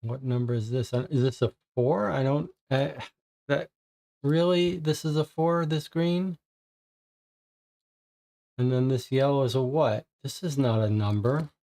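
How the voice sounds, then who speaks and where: A man's voice: medium pitch, measured pace, vocal fry, long pauses, warm tone. A man streaming a puzzle game, thinking aloud and muttering in frustration as he works through it.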